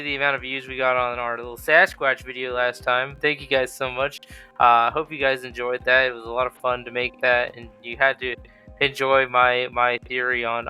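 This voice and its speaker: Young male host, clear resonant voice, jokey and profane. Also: medium pitch, pushed and bright. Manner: joking, loose and profane. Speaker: podcast host. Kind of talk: casual chat.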